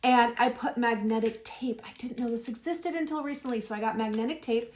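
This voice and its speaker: A woman's voice: on the high side, fairly even intonation, a little fast. Chatty woman in an echoey room. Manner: chatty, explains each item step by step. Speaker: homeschooling parent. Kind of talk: casual show-and-tell haul video. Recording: echoey room with faint hiss.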